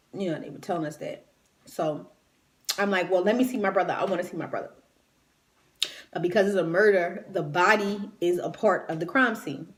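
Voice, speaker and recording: A woman retelling a personal story in a raw, emotional, conversational way, grieving and near tears. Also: fairly low pitch. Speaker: vlogger.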